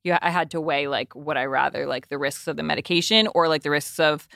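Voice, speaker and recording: A woman co-hosting a podcast, chatting in a lively, self-deprecating way and acting out quoted voices. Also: low voice, brisk, creaky, no room sound, studio quality. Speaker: podcast co-host. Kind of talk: casual chat.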